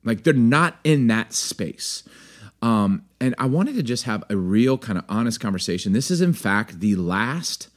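Male podcast co-host, playful, laughs a lot, lively pitch swings. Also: a little slow. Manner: playful, laughs often, chatty. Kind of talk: casual chat.

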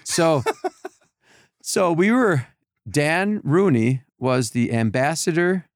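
A man telling animated stories in a casual chat, acting out other people's voices with lots of restarts. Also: fairly high pitch, slow pace, no echo, studio quality. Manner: animated storyteller, acts out voices, many restarts. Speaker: podcast guest telling stories.

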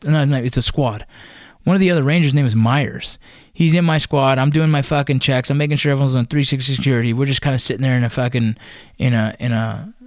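Brief: young guy, ex-soldier, swears constantly, rambling restarts, dry close sound, mid pitch. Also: no echo. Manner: profane, rambling, frequent restarts. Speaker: former Army Ranger guest. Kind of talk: casual war storytelling.

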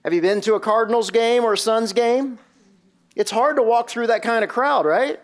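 A man's voice: very high voice, moderate pace. A man preaching a sermon and retelling a scene vividly, with many rhetorical questions. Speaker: pastor.

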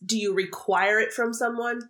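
A young woman co-hosts a casual podcast, chatty and quick to laugh. She thinks aloud as she goes, scattering "like" through her sentences. Her voice rings a bit in an echoey room. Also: fairly high pitch, fairly even intonation, a bit bright. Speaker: podcast co-host. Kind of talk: casual chat.

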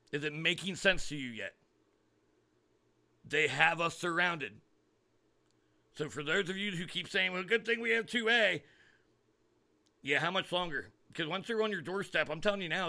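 A man's voice: high-pitched, gravelly, bright, forceful tone. A man hosting a political podcast, talking in a sarcastic, ranting way with frequent fillers and restarts. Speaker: podcast host.

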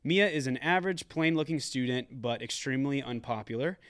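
A man's voice: medium pitch, fairly quick, fairly bright tone, clean tone. A man co-hosting a casual movie review podcast, joking and reading out reviews, with a lot of restarts. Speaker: podcast co-host.

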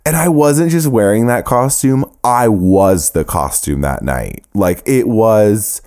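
A man with a fairly low voice hosts a casual solo podcast and talks straight to his listeners. He is sassy, animated and profane, and he breaks into playful laughs. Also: slow pace. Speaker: podcast host.

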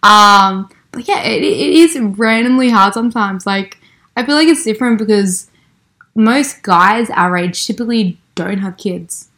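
A young woman co-hosting a podcast in casual chat, chatty and quick to laugh, acting out the lines she quotes. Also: medium pitch, a bit bright. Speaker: podcast co-host.

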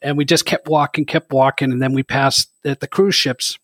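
A man's voice: medium pitch, fairly even intonation, moderate pace, fairly bright tone, no room sound. Chatty man, close and dry. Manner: chatty and rambling storyteller. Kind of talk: casual chat.

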